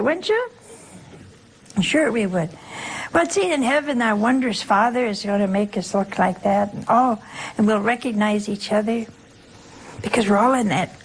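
A woman's voice: medium pitch, slight background noise, rough recording. An older woman, a nun leading her sisters, giving a conversational religious talk and often asking her listeners rhetorical questions. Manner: chatty, keeps checking in with rhetorical questions.

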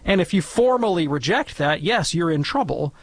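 A man's voice: fairly high pitch, lively intonation, moderate pace, dry recording. A man speaking as a guest theologian on a call-in radio show, lecturing in an academic, wry way.

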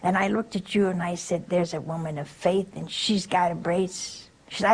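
A woman's voice: lowish voice, fairly even intonation, moderate pace, few pauses, slight background noise, low-quality recording. An older woman giving a spiritual talk, telling folksy stories and asking rhetorical questions. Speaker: religious speaker.

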